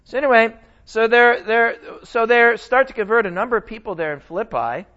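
A man teaching a Bible lesson in a casual, animated sermon style, often asking his listeners questions. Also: extremely high pitch, fairly quick, lo-fi sound. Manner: animated, conversational, asks the audience questions.

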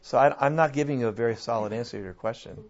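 A man in an animated conversational discussion, often restarting his sentences and laughing. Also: mid-range voice, rapid-fire. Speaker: guest speaker on church and culture. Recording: dull lo-fi sound.

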